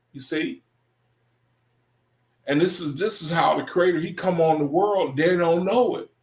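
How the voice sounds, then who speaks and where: Casual, roomy-sounding man teaching scripture. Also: on the high side. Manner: casual, loose and conversational, often circling back and repeating himself. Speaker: Bible study teacher. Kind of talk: informal scripture teaching monologue.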